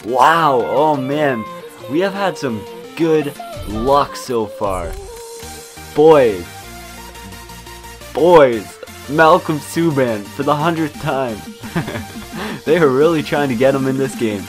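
A young man hosting a gaming pack opening, talking slowly with a lively, swooping pitch that jumps high when he gets excited. He swears freely and addresses his viewers directly. Loud electronic dance music plays behind him. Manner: excitable, swears, bursts into shouted high reactions. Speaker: gaming YouTuber. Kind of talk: pack-opening gameplay commentary. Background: electronic dubstep music.

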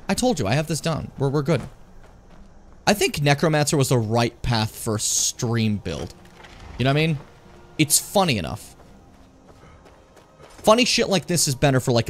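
A man with a voice on the high side provides casual gameplay commentary while streaming a fantasy role-playing game, animatedly joking and talking to chat. A little hiss or hum sits in the recording.

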